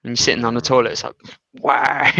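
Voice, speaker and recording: A man's voice: medium pitch, steady tone, rapid-fire, sharp tone, no echo, poor audio. A young English man co-hosting a podcast, chatting casually and rambling, swearing and laughing often. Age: young adult. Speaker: podcast co-host. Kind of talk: casual chat.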